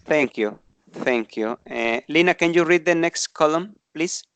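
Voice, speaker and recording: A man's voice: fairly high pitch, measured pace, fairly bright tone, clean tone, no echo. A man teaching an online English grammar class, explaining patiently and often checking in with tag questions.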